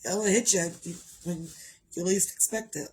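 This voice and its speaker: A middle-aged woman with a lowish, darkish, slightly rough voice speaks at a measured pace. In a rambling, heartfelt personal vlog about her crochet projects, she talks through her grief as a mother. The recording quality is rough.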